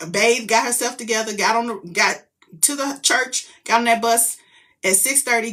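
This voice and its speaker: A middle-aged woman tells a story about her daughter in a loud, profane, emphatic, animated way. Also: fairly high pitch. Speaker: mother telling a story. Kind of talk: casual storytelling vlog.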